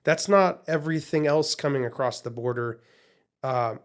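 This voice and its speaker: A man co-hosts a casual podcast in a middle-pitched voice. He rambles along, full of fillers, and restarts his thoughts as he goes. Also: normal speed. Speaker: podcast co-host.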